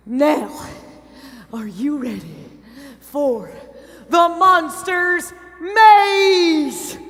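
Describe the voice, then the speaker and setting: A woman playing a fierce, possessive mother who runs a rough tavern, talking and singing with a brash, menacing folksy drawl on a stage. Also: high voice. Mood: showy. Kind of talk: live stage musical acting and singing. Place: theater stage. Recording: live theater hall with long reverb, loud music.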